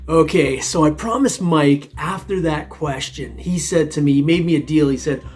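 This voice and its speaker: Faint music plays behind a metal detecting channel host as he rambles casually to viewers in his vlog. His pitch is fairly high and his pace moderate, and he chuckles a lot and calls everyone "man."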